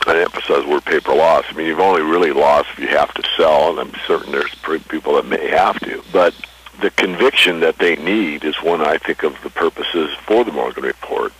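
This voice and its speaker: A man's voice: a bass voice, a little fast, a bit bright, breathy edge, low-quality recording. A man, a precious metals newsletter writer, speaking earnestly and emphatically in a radio interview. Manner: earnest, emphatic about markets and geopolitics.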